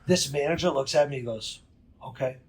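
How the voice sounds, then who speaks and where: A man, telling a story as a podcast guest in a profane, emphatic, rapid way. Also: medium pitch. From New England. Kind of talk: casual storytelling.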